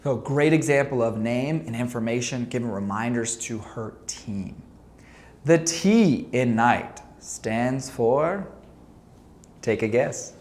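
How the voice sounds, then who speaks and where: A man's voice: lively intonation, slow. A man, a basketball coach, teaching a lesson to camera in a playful way, quizzing the viewer and then joking about the answers. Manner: playful, asks quiz questions and answers them with jokes; acts out shouted examples, voice leaps high. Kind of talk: instructional talk to camera.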